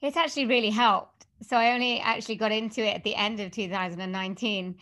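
A woman from Wales with a Welsh accent, a voiceover artist chatting as a guest in an interview, upbeat and quick to laugh, with some hesitant fillers. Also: medium pitch, steady tone, fairly bright tone. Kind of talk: casual interview chat.

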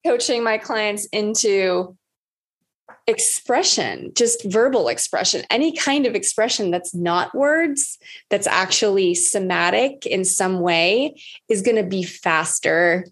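A woman coach talking openly in a relaxed conversation. She is frank and swears freely, and she acts out the things she once said to herself. Her voice sits at an ordinary middle pitch. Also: slow. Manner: candid, swears freely, acts out her own past words. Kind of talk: casual conversation.

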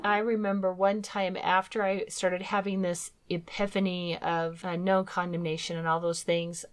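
A woman's voice: on the low side, little pitch movement, moderate pace, smooth. A middle-aged woman co-hosting a faith talk program, sharing a personal testimony in an earnest storytelling manner. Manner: earnest storytelling, acting out her own past words. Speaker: co-host of a Christian talk program.

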